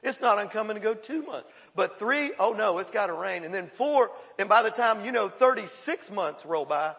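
A male pastor preaching a sermon in a folksy, animated storytelling way, in a church. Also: high voice, moderate pace, vocal fry, in a large hall.

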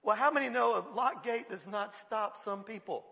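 This pastor's voice is high, bright and gravelly as he delivers a sermon built around a humorous story, told with real animation at a normal speed. Laughter keeps bursting out of him mid-sentence, and a large hall's long reverb trails after every word.

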